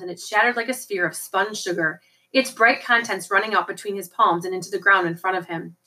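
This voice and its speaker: A woman reading a novel aloud as an audiobook, in a steady storytelling manner. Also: medium pitch, brisk, rough recording. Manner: steady storytelling with occasional slips and restarts. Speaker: audiobook reader.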